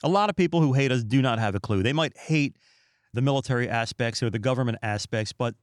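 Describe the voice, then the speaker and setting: A middle-aged man holds forth in a casual solo podcast monologue, his voice sitting in an ordinary middle register. He leans hard on his points with animated emphasis. The sound is close and dry, with no room around it. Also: medium pitch, fast, no echo. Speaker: podcast host.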